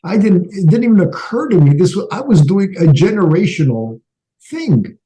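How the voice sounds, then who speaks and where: Middle-aged male podcast guest from Canada, a storyteller who acts out his dialogue, mellow and relaxed tone. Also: sits high, moderate pace, low-quality recording. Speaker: entrepreneur guest.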